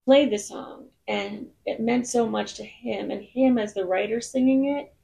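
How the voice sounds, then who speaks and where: Woman guest, gravelly fry, slightly high voice, bubbly rambling storyteller, casual podcast chat. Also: fairly even intonation, unhurried, mellow. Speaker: singer-songwriter guest. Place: in Nashville.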